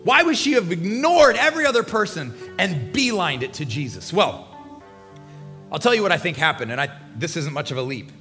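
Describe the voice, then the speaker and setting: Animated high-voiced male preacher. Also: fairly quick. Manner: animated, emphatic, dramatic swings from hushed to loud. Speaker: pastor. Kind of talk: sermon. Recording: long hall reverb with faint music.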